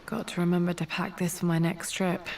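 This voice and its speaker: An actress voicing a calm, reflective young female adventurer in a video game. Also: on the low side, brisk, vocal fry, a little hiss or hum, low-quality recording. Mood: musing. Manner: calm, thoughtful musing.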